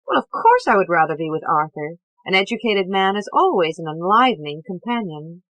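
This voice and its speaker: A woman's voice: on the low side, sing-song, fairly quick, a bit bright, no room sound, low-quality recording. Witty young woman, polite but teasing, read by a woman, dry sound. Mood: wry. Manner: courteous with sly irony.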